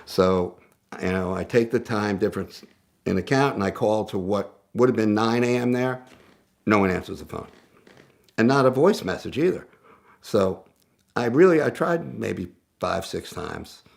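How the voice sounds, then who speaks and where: Man with a low, gravelly voice for a casual, animated storytelling piece. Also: normal speed. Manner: animated, conversational, self-interrupting. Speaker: guest storyteller.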